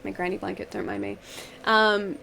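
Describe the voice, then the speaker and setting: A woman's voice: medium pitch, sing-song, moderate pace, gravelly, sharp tone, slight background noise. A woman chatting casually while streaming a game, giggling often and rambling from one thought to the next. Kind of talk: casual live-stream chat. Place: home, wrapped in a blanket.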